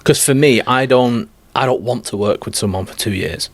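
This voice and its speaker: A man's voice: mid-range voice, normal speed. A man talking as a life coach guest on a podcast, blunt, direct and emphatic. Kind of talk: podcast conversation.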